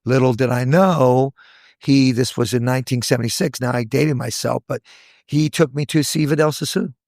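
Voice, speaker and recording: In a casual podcast, a man in his sixties who teaches hairdressing animatedly recounts tales from his working life, performing the voices of those he quotes. The sound is studio quality with no echo, and his medium-pitched, gravelly voice keeps a moderate pace.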